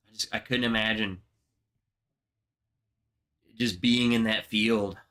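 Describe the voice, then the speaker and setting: A man's voice: on the low side, steady tone, takes it slowly, bright, forceful tone. A young man hosting a casual livestream, telling rambling, emotional stories with plenty of swearing. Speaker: livestream host.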